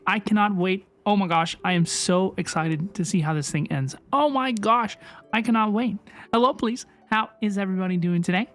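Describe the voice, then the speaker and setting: A woman VTuber streaming live, bubbly and excitable as she greets her chat by name. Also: medium pitch, normal speed, faint music behind.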